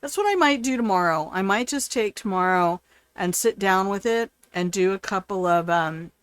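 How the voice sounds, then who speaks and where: A woman's voice: medium pitch, lively intonation, moderate pace, clear, resonant tone, dry recording. An older woman hosting a live game stream, chatting playfully and answering her chat as she plays.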